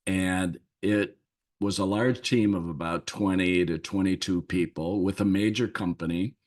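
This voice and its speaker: Slow, low-voiced man telling a story. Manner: unhurried, thoughtful, lingers on pauses. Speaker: leadership coach and podcast host. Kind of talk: reflective storytelling podcast.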